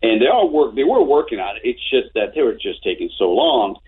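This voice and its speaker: A man in his fifties telling animated anecdotes as an interview guest, with frequent restarts. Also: medium pitch, fairly quick, husky. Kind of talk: casual storytelling. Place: home office. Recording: tinny phone-like line.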